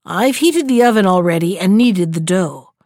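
A woman's voice: mid-range voice, expressive, normal speed, darkish tone, no echo, clean studio sound, close to an everyday voice. A woman reading as a jeering wicked old witch. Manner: jeering, scolding.

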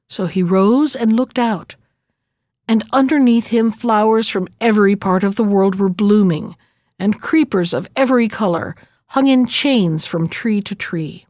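A woman narrating a fairy tale in a measured, gentle storytelling manner. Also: medium pitch, no echo, studio quality. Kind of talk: storybook reading.

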